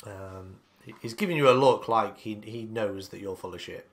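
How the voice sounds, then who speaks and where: A man's voice: lowish voice, moderate pace, vocal fry, background noise. A man running a tabletop game as dungeon master, narrating casually and hesitantly, with lots of fillers.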